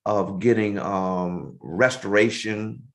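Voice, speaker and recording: A man's voice: on the low side, fairly even intonation, slow pace, creaky. A man hosting a casual interview over a video call, affirming and conversational with his guest. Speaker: show host.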